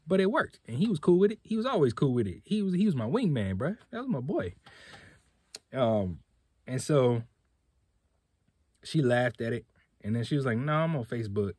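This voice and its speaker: A man's voice: mid-range voice, big pitch swings, moderate pace, pauses often, a little mellow, slightly rough, dry recording. A young man hosting a podcast, telling a personal story in a laid-back, slangy way. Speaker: podcast host. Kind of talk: casual storytelling.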